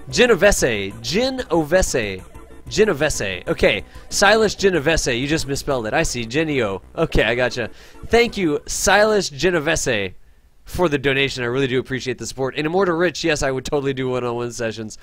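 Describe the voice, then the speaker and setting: Man, game streamer, fairly high voice, chatty, enthusiastic, faint background music. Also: fairly bright tone. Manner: upbeat and chatty, thanks viewers, calls people dude. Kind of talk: live gameplay commentary, reading chat.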